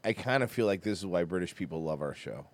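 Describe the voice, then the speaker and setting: A man's voice: sits low, lively intonation, fast, no echo. A man co-hosting a show, chatting casually and joking while reacting to clips. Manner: joking, does a mock British accent. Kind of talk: casual chat.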